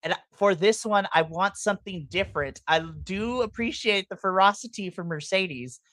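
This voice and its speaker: A woman hosting a casual live podcast, talking in an animated, ranting way with playful, over-the-top asides. Her voice is pitched in an ordinary middle range. The recording is dry and close, with no room echo. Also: moderate pace. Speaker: podcast host. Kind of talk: casual livestream reaction chat.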